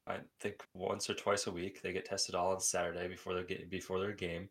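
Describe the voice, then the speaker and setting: A man's voice: low-pitched, level tone, a little fast. A man hosting a podcast in casual chat, teasing his co-hosts and laughing often. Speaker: podcast host.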